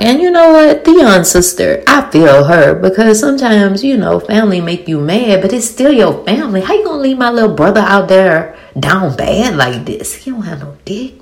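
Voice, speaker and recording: A woman in her forties with a thick Louisiana accent, giving a blunt, animated, swearing recap of a TV episode full of rhetorical questions. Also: fairly low pitch. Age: 40s. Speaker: TV show reviewer. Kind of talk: casual episode recap and commentary.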